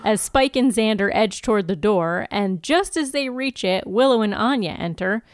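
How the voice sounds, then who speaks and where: A woman co-hosts a podcast, retelling TV episodes in a playful, giggly way. Her voice is smooth and clear at a middle pitch. It is recorded close on a mic in a dry room. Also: lively intonation, moderate pace, no room sound. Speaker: podcast co-host. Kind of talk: casual chat recapping TV episodes.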